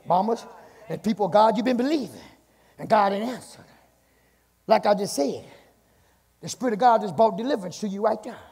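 A pastor preaching a fiery sermon, shouting, chanting and calling out to his congregation in a church. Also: high voice, creaky. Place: church sanctuary. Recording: long church reverb, congregation faintly behind.

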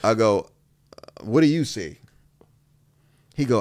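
Animated man telling a podcast story. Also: lowish voice, slow. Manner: animated, acts out quotes with loud bursts. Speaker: former pro basketball player.

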